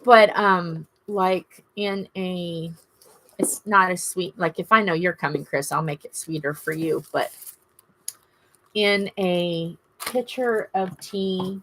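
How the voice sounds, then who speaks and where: Chatty slow-talking Southern woman. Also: lowish voice, fairly even intonation, fairly bright tone, slight background noise. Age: middle-aged. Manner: chatty, rambling, gushing and nosy with the chat. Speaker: livestream host. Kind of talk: casual live-stream chat to viewers.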